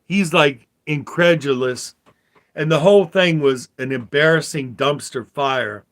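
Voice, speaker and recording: An older man delivers a meandering religious commentary monologue in a slightly high voice. He speaks at an unhurried, deliberate pace, circling back with fillers and repeated phrases. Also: fairly bright tone. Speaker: vlogger.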